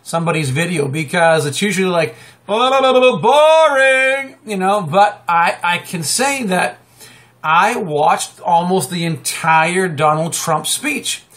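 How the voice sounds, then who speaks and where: Male live-stream host, middle-aged, high-pitched, talkative and excitable, restarts his sentences a lot. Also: unhurried. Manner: excitable, chatty, many fillers and restarts, sudden high exclamations. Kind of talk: rambling political commentary monologue.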